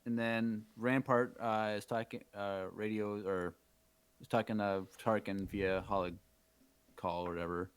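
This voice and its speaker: A man's voice: lowish voice, fairly even intonation, measured pace, smooth, dry recording. A man hosting a podcast, recapping an episode in a chatty way with lots of fillers. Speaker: podcast host.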